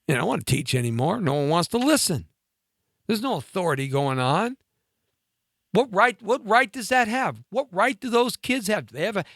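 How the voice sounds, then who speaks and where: Lively, ranting talk show host man. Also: high voice, no room sound, clean studio sound. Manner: indignant, rhetorical questions, repeats himself. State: congested throat, clearing it. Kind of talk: ranting monologue.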